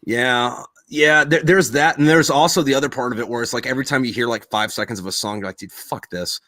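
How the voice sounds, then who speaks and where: A young man co-hosting a podcast, chatting casually and telling stories in a profane, animated way. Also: medium pitch, quick pace, no echo. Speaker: podcast co-host. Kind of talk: casual chat.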